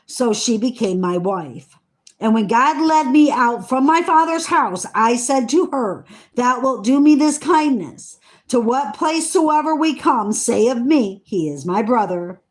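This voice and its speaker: Slow, earnest woman reading scripture. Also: fairly high pitch. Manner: slow, earnest, stumbles over hard names; excited asides about the text. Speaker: Bible reader. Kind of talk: reading scripture aloud with brief comments.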